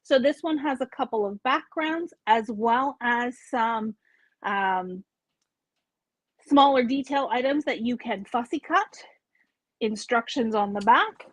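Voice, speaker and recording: A woman's voice: on the high side, expressive, takes it slowly, dry recording. A woman hosting a live craft store video, chatty and explanatory, often correcting herself as she shows products. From Canada.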